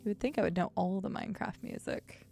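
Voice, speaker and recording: A woman's voice: medium pitch, quick pace, vocal fry, music in the background. A woman streaming a game, chatting casually with her viewers and fellow players and laughing often. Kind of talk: casual gameplay stream chat.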